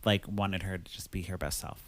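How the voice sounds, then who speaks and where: A man's voice: low voice, steady tone, fairly quick, a bit bright, dry recording. A man hosting a casual podcast, recapping a movie in a loose, chatty way with lots of fillers. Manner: chatty, loose storytelling with many fillers and bits of voiced dialogue. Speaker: podcast host.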